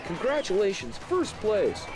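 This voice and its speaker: A man voicing an upbeat male race announcer in a video game, announcing results briskly. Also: high-pitched, wildly swooping pitch. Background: game music.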